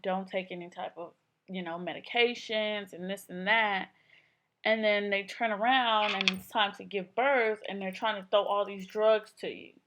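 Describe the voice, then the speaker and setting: A young woman speaking to her camera in a casual vlog. Her voice sits at a middle pitch, and her delivery is chatty and loose. She keeps saying "like" and acts out what others said. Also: fairly bright tone, a little hiss or hum. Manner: chatty, filler-heavy, acts out quotes. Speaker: vlogger. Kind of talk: casual personal storytelling.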